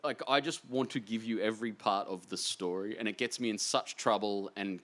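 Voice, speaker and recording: Excitable rambling Australian man. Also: fairly low pitch, moderate pace, few pauses. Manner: excitable, rambling, self-deprecating. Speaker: author guest. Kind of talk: casual interview chat.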